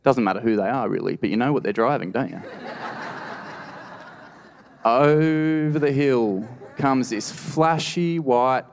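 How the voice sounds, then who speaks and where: A man's voice: mid-range voice, a little slow, long pauses. An Australian man telling a true story on stage at a live storytelling event, wry and conversational with lots of "you know". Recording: reverberant live hall.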